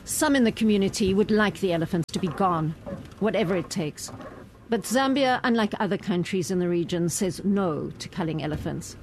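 A woman narrates a news report in a measured, even voice. Her delivery is steady and scripted, with a faint hiss behind her. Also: medium pitch.

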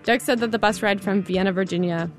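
Woman, mid pitch, casual storyteller, chatty, faint music behind. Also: brisk. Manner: casual, uses "like" often. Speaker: reporter telling a story. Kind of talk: conversational storytelling.

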